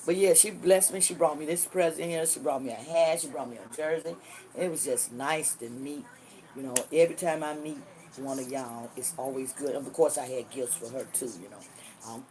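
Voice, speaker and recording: Loud trash-talking woman in her sixties. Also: steady tone, moderate pace. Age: 60s. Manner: loud, cursing, trash-talking, swings between hollering and low muttering. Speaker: livestream host. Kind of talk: livestream chat answering viewers.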